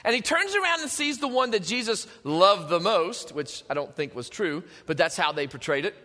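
A man preaching a sermon in a conversational way, moving between hushed and emphatic, in a church hall with long reverb. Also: sits high, sing-song, normal speed.

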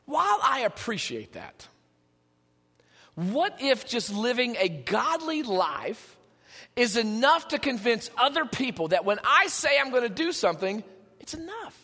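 A man preaching a sermon in a conversational, animated way, with joking asides to his congregation. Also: very high-pitched, unhurried, long reverb tail. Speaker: pastor. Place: church sanctuary.

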